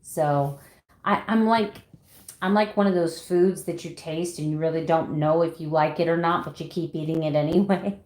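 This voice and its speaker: A woman's voice: deep voice, moderate pace, a little mellow. A woman in her fifties chatting casually with livestream viewers, laughing often and reading out their names. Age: 50s. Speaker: keto vlogger. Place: home room. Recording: echoey room.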